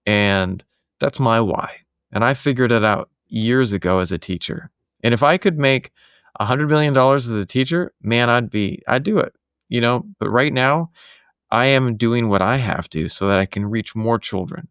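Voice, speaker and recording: A man's voice: mid-range voice, moderate pace, fairly bright tone, clean tone, dry recording, studio quality. A man who hosts podcasts, talking in a casual conversation from his home office and sharing earnest, reflective stories.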